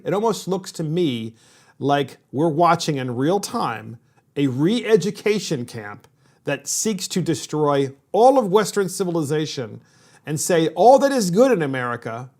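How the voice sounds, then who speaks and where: A man hosting a political talk show, speaking emphatically and repeating his points. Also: a little high. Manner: emphatic, repetitive, indignant. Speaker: podcast host. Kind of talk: political commentary chat.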